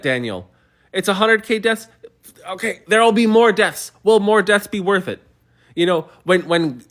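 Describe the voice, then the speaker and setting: A man's voice: high-pitched, fairly bright tone. A man hosting a livestream, answering viewer comments in a heated, argumentative way with many stumbling restarts. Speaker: livestream host.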